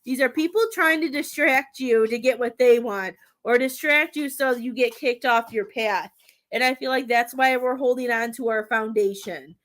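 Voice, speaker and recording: A woman's voice: on the high side, normal speed. Chatty, emotional woman doing a tarot reading. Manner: chatty, warm-hearted, laughs often between thoughts; emotional, near tears at times. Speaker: tarot reader and medium.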